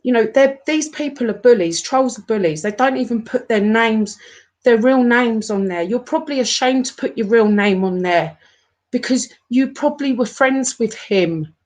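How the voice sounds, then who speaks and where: A woman in her forties, talking to her viewers in an upset, halting rant, often stopping and repeating herself. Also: fairly high pitch, a little mellow. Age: 40s. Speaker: YouTuber. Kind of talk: emotional live-stream rant.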